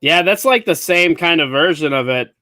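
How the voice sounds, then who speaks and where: A man's voice: on the high side, expressive, normal speed, bright, forceful tone, no echo. Dry-sounding man hosting a live show. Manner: easygoing, laughs often, reads audience comments aloud. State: clearing his throat. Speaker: podcast host. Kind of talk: casual live-show chat.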